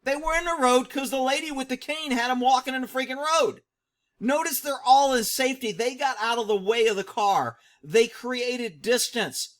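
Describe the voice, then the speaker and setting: A man's voice: very high voice, moderate pace, fairly bright tone. A middle-aged man commenting on a video clip, mocking it and laughing constantly between phrases. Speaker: vlog host.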